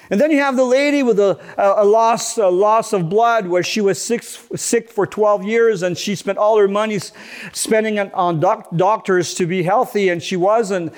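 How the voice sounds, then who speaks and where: High-voiced male pastor preaching earnestly. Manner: earnest, repeats and restarts words while preaching. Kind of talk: sermon.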